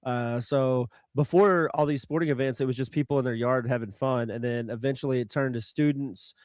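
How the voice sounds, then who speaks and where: A man's voice: mid-range voice, fairly even intonation, fairly quick, a little mellow, dry recording, studio quality. Offhand man sharing trivia. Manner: shares trivia in a loose, offhand way. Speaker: podcast co-host. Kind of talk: casual chat.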